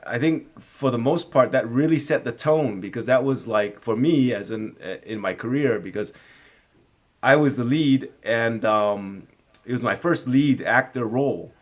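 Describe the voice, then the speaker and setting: Rambling fifties actor telling stories. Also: male voice, medium pitch, normal speed. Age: 50s. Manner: rambling, lots of "you know" and "like", animated when reliving a story. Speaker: actor, interview guest. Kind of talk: casual interview storytelling.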